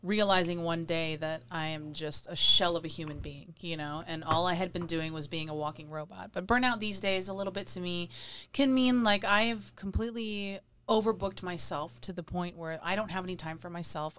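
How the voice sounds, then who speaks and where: A woman speaking in a slightly low voice, calm and reflective as she talks through her own experience. Her delivery is conversational and unhurried. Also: slight background noise. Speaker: podcast co-host. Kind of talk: casual conversation on emotions.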